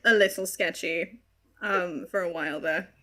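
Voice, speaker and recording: A woman's voice: fairly low pitch, moderate pace, bright, forceful tone. A woman playing a tabletop game, chatting casually, giggling often and swearing freely. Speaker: player.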